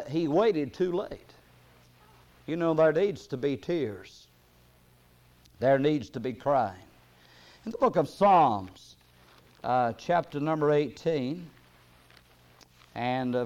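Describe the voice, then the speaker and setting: A preacher reads scripture slowly during his sermon, building to loud, forceful high points before sinking back to a soft, low voice.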